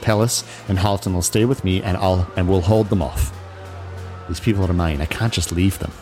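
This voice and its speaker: A man voicing a proud, sword-bearing warrior woman who speaks slowly and solemnly. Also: deep voice, darkish tone, faint music behind, lightly acted. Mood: resolute.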